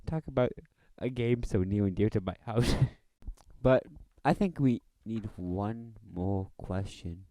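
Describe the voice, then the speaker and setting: A man's voice: lowish voice, very animated, takes it slowly, warm tone, no echo. A young man co-hosting a casual podcast, joking in a mock-sentimental way. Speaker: podcast co-host. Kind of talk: casual chat.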